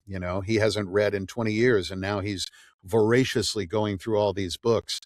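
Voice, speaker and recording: A man's voice: lowish voice, moderate pace, no echo, clean studio sound. A middle-aged man, an audiobook narrator, talking casually in an interview and telling stories animatedly. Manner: animated storyteller, acts out quoted dialogue.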